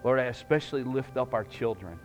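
A man preaching a sermon in a church, emphatic and rising loud, then praying in a hushed voice. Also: mid-range voice, a little fast, faint music behind. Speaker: pastor. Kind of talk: sermon and closing prayer. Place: church sanctuary.

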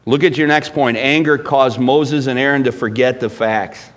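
A middle-aged man preaching a sermon as pastor, emphatic, swinging between loud bursts and hushed lines. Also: medium pitch, steady tone, normal speed.

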